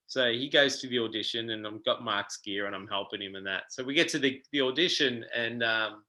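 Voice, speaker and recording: A middle-aged Australian man telling stories as a guest in a casual interview, animated and full of ums. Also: medium pitch, brisk, few pauses, poor audio. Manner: animated, acts out quoted voices, frequent ums. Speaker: guest guitarist.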